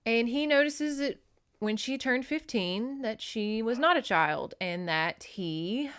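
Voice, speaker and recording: A woman's voice: a little high, a bit bright. A woman from Louisiana, recapping a novel in a chatty, sarcastic podcast style with plenty of swearing. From Shreveport, Louisiana, US. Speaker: podcast host. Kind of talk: casual comedic book recap.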